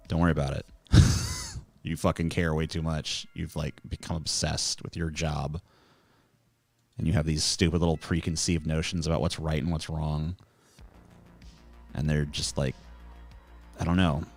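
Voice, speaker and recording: A man hosting a livestream, ranting brashly and mockingly at chat with lots of swearing, into a handheld mic held close. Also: low voice. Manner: brash, foul-mouthed, mocking. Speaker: livestream host. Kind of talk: casual profane ranting to chat. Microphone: handheld microphone, close.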